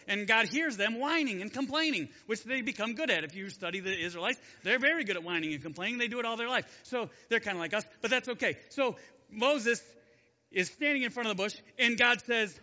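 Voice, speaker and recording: A male Bible teacher tells the story casually, cracking jokes and asking his listeners questions. His voice is high and very bright. It is recorded in a long-echo hall with a slightly dull sound. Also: animated, brisk. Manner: chatty, jokey, asks the audience questions.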